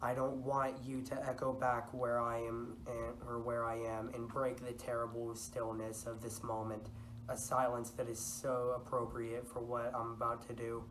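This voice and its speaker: A teenage boy playing a guilt-ridden lord who has just committed murder, reading in a flat, stumbling way for a school project. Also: medium pitch, moderate pace, close to an everyday voice. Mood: brooding. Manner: reads lines flatly with stumbles and self-corrections. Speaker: student actor. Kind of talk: amateur school-project reenactment. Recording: echoey room from a distance, noisy.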